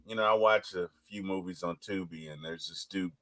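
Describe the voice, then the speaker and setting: A man co-hosting a casual live fan podcast, lively and greeting viewers by name. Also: sits low, moderate pace. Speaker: podcast co-host. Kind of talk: casual live-stream chat.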